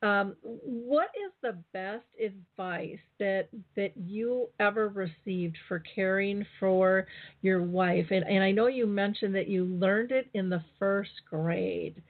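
A woman's voice: mid-range voice, slow pace. A woman hosting an interview, responding with empathy before asking her question. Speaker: host. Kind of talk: interview conversation. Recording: phone line.

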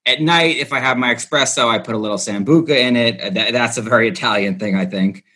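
Relaxed man, a guest reporter. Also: mid-range voice, quick pace. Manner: relaxed, easygoing. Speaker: hockey beat reporter, podcast guest. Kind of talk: casual interview chat.

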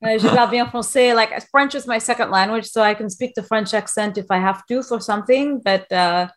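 A woman's voice: medium pitch, brisk. A woman from New York City hosting a casual podcast, talking in a brash, rambling, jokey way full of likes. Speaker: podcast host.

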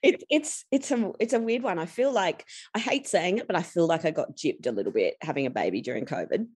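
An Australian woman in her forties with a notably low voice speaks as a podcast guest. She tells personal stories openly and with energy, laughing often and slipping into the voices of people she quotes. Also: lively intonation, fairly quick, a little mellow, breathy edge. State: tired. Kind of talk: candid personal storytelling.

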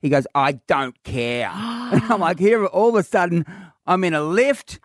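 A man's voice: sits high, normal speed, no echo, studio quality. A middle-aged Australian man, a radio comedy host, telling a story in casual chat with laughs and acted-out quotes.

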